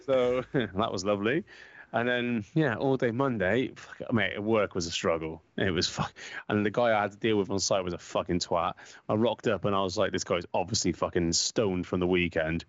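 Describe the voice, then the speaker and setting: A young man co-hosting a casual football podcast, swearing freely and telling animated stories full of banter. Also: fairly low pitch, moderate pace, no room sound, highs cut off. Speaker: podcast co-host.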